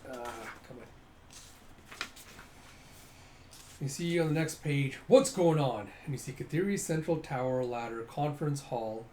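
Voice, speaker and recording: A man's voice: mid-range voice, steady tone, a little slow, pauses often, a little mellow, slight background noise. Man casually narrating a comic. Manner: casual, narrates panels, reads lines aloud. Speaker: comic readthrough host.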